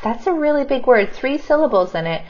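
A woman teacher modeling kindergarten writing, thinking aloud and slowly sounding out each word as she writes. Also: high voice, very animated, highs cut off, background noise. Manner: slow, sounds words out while writing.

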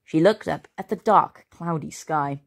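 A woman reading a children's story aloud as a storyteller, expressive and playful. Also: low-pitched, unhurried, creaky.

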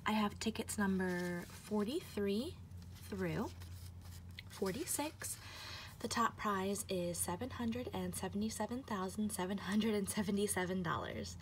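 A woman filming a casual vlog as she plays scratch-off tickets, gasping, laughing and slipping into whispers as she gets excited. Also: mid-range voice, measured pace, a little hiss or hum. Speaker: lottery scratch-off vlogger. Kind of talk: casual chat to camera.

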